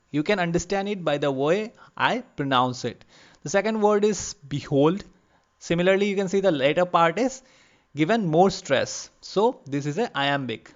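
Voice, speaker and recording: A man giving an online literature lecture, explaining patiently and repeating terms slowly for emphasis. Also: high-pitched, lo-fi sound. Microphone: lavalier.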